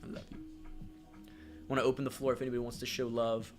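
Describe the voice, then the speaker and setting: Over faint background music, a livestream host speaks quickly and flatly at medium pitch. He reads the chat aloud in a fond, supportive way, sprinkling in many fillers.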